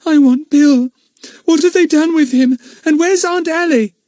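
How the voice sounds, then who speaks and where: A man voicing a frightened little girl, high-pitched, shrill and pleading. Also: unhurried, dark tone, no room sound, clean studio sound.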